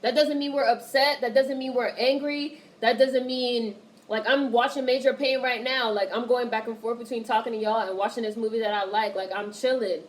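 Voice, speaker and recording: A woman hosts a casual livestream, reading out viewer chat and reacting as she goes. She talks bluntly and with animation, swearing freely. Her voice sits a little on the high side. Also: fairly even intonation, normal speed, few pauses, poor audio.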